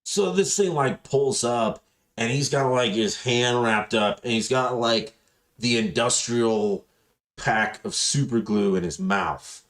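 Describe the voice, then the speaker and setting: A podcast host with a medium-pitched, slow male voice tells rambling, profane stories in casual chat. He animates them by acting out the people involved and voicing their quotes.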